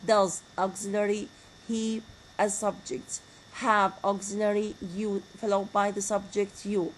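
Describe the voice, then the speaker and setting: A woman giving a grammar lecture, slowly repeating example sentences. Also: mid-range voice, flat delivery, slight background noise, rough recording. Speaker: university lecturer.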